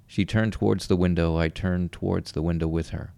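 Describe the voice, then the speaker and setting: A man narrates a first-person story in a calm, measured way. His voice is very low with a gravelly edge. The sound is close and dry, with no room echo.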